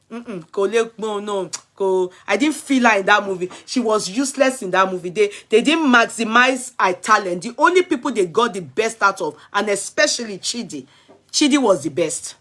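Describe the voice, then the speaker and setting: A film-review vlogger with a Yoruba-inflected Nigerian accent chats casually on a live stream, answering viewers' comments bluntly. She has a medium-pitched, fairly bright voice.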